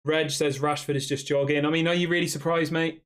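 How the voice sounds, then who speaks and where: A man's voice: a little high, flat delivery, fairly quick, clean tone. Chatty man hosting a live stream. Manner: conversational, reads chat questions aloud, frequent fillers. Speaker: live stream host reading fan chat. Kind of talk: casual match reaction live stream.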